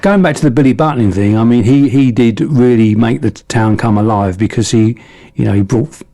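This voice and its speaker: A man's voice: medium pitch, moderate pace, creaky, dark tone. A man co-hosting a podcast, telling local history in a rambling, self-correcting way. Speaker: podcast co-host. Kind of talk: casual chat.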